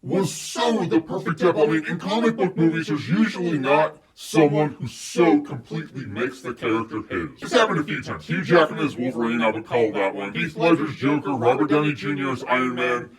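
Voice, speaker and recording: A young man talks through a movie review in a loose, irreverent way, cursing casually as he goes. His voice sits a little high, and he sounds set back from the microphone. A loud crowd keeps going behind him. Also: brisk, few pauses, far from the mic. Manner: animated and irreverent, swears freely.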